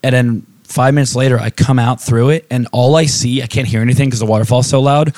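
A man's voice: medium pitch, fast talker, no room sound. A man co-hosting a podcast, telling a travel story in casual chat with lots of swearing and restarts. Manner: animated storyteller who swears a lot. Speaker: podcast co-host.

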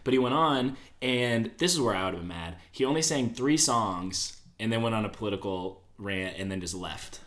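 A man co-hosting a casual chat podcast, talking in a loose, rambling way. He jokes at his own expense and builds stories as he goes. The mic sounds softened, as if covered with cloth. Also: lowish voice, normal speed, few pauses. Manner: chatty, rambling, self-deprecating. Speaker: podcast co-host.

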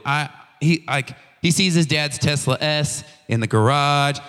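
A young man giving a casual youth sermon, telling a story in a conversational, animated way with slang and restarts. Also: a little high, a little slow. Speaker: youth pastor. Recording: long hall reverb.

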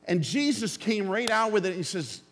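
A man's voice: high voice, expressive, moderate pace. A pastor preaching a sermon to his congregation, earnest and plainspoken, with dry jokes and calls for an amen. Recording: long hall reverb.

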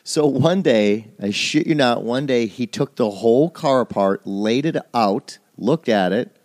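A man's voice: mid-range voice, unhurried, darkish tone, no room sound. A man from the American Midwest co-hosting a podcast, rambling through self-deprecating stories in casual chat. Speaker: podcast co-host. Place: home studio.

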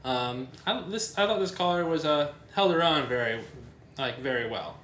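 A man's voice: fairly high pitch, lively intonation, moderate pace, a bit bright. A man hosting a podcast in casual chat, joking and laughing easily. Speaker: podcast host. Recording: echoey room, faint music.

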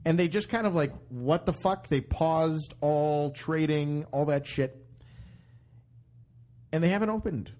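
A man's voice: fairly high pitch, unhurried, long pauses. A man hosting a podcast in casual banter, telling stories with jokes. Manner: joking, animated storyteller. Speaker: podcast host.

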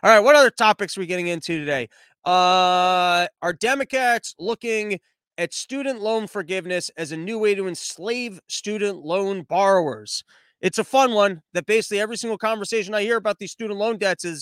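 A man's voice: high voice, normal speed, a bit bright, smooth, no room sound. A man hosting a podcast in a comedic monologue. He talks sarcastically and rambles off on tangents. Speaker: podcast host.

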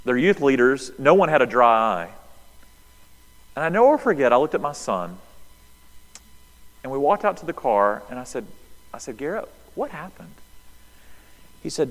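A middle-aged man, preaching a sermon and telling a story, moving between loud bursts and hushed passages. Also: medium pitch, moderate pace, long pauses. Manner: animated, swings from loud to hushed. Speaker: pastor. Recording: long hall reverb.

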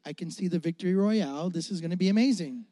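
A man's voice: high voice, fast, no echo, studio quality. A young man preaching as a pastor, telling a funny childhood story and acting out his younger self. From Florida. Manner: animated, jokey, acts out his younger self. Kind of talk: comic sermon storytelling.

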